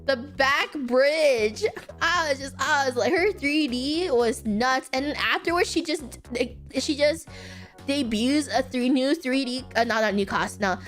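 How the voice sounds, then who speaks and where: A woman streamer rambles through casual chat, her voice sitting a little high. She talks at an unhurried pace, stacking fillers and restarts and breaking into giggles. Soft music plays faintly behind her. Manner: apologetic about mispronouncing names. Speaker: streamer answering viewer questions.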